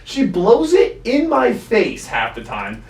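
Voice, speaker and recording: Animated young man on student radio. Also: sits high, gravelly. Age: young adult. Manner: joking, animated, quick bursts of mock outrage. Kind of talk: casual chat with family. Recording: echoey room, distant mic, faint hiss.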